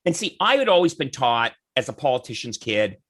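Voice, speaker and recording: A man's voice: mid-range voice, fairly quick. A man chatting as a podcast guest, telling anecdotes and acting out the people in them. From Canada. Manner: animated, acts out quoted voices in anecdotes. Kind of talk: casual storytelling chat.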